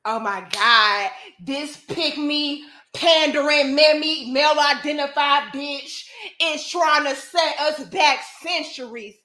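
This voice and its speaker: A woman's voice: high-pitched, slow pace, pushed and bright, reverberant, full character voice. A woman putting on the voice of an outraged female critic who hurls insults and curses. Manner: indignant, name-calling, profane.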